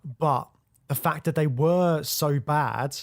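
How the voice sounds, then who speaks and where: Gravelly-voiced man chatting about films. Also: on the high side, takes it slowly. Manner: rambling, hedging with fillers. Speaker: podcast co-host. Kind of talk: casual film discussion.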